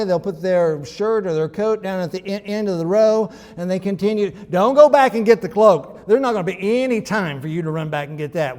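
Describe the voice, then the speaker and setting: High-voiced male pastor in reverberant church. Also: a little mellow. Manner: conversational, emphatic, with frequent restarts. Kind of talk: sermon.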